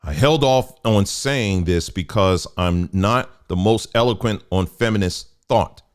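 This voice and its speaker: Low-voiced man reading with heated asides. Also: unhurried, clear, resonant tone. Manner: conversational, stops to add remarks, gets heated. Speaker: commentary host. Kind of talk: reading an article aloud with commentary.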